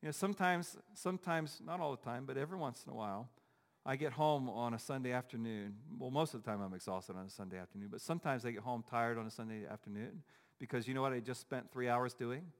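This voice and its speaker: A pastor preaching a sermon in a church, emphatic and repetitive, full of rhetorical questions. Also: male voice, medium pitch, fast talker, big-room sound. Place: church sanctuary.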